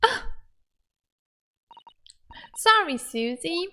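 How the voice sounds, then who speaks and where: A young woman streaming a story game, chatting casually and excitedly with frequent giggles. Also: a little high, unhurried. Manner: excitable and giggly, with playful squeals.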